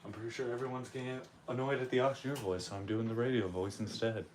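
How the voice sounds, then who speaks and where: A man's voice: medium pitch, fairly even intonation, quick pace, recorded from a distance, noisy background. A man co-hosting a live auction stream, bantering playfully and echoing the bid calls. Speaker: co-host.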